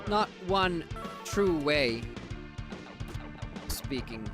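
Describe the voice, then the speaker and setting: A lively Finnish game streamer, a native Finnish speaker from Finland, talks at a medium pitch and draws out his words. He's chatty and laughs a lot, answering chat as he plays during a casual live stream with game music in the background.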